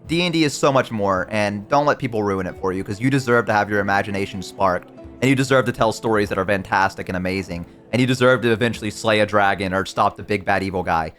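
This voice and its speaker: A man's voice: mid-range voice, a bit bright. A man streaming live, talking casually and rambling as he answers chat mid-sentence.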